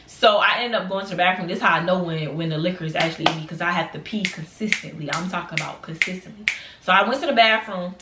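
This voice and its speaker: Woman, storytime vlogger, animated, colloquial, echoey room, noisy background. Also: on the low side, quick pace. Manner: animated, acts out voices in quotes; colloquial, addresses viewers as y'all. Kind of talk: casual storytelling to camera.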